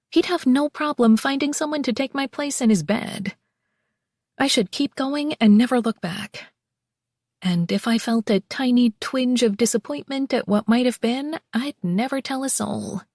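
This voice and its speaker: A woman narrating a first-person romance audiobook in an expressive, wry way on a close mic. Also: high voice, dry recording.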